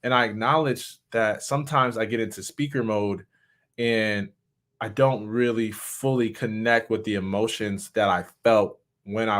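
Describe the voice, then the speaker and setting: A man who is a motivational speaker, talking candidly in a reflective, halting way, often restarting his sentences. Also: on the low side. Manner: candid, halting, with many restarts and soft laughs. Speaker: motivational speaker and suicide survivor. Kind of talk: personal reflective talk.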